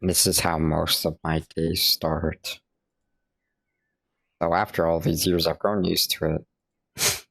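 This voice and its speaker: A man reading a visual novel's narration aloud in a steady storytelling way. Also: deep voice, slow, creaky, pauses often, poor audio. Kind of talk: reading game text aloud with friends.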